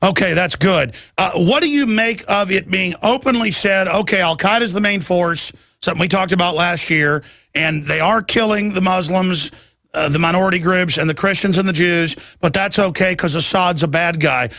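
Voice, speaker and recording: A male radio talk show host interviewing a guest, speaking in a rambling, emphatic and excitable way. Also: high-pitched, moderate pace, no echo, clean studio sound.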